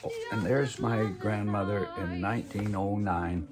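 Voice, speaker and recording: An older man telling family stories in a rambling, folksy way, with lots of pauses and fillers. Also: fairly low pitch. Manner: rambling and folksy, full of "uh" and "you know". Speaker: family storyteller. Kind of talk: casual personal storytelling.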